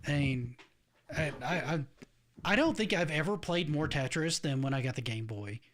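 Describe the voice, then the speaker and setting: A man's voice: on the high side, expressive, normal speed, very noisy. A middle-aged man hosting a casual podcast chat, rambling with frequent restarts and laughing often. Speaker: podcast host.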